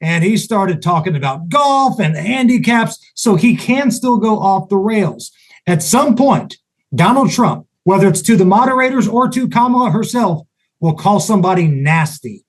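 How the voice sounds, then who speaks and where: A man's voice: high voice, animated, normal speed. A man hosting a podcast in casual chat, confident and punchy, with folksy sayings. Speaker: podcast host.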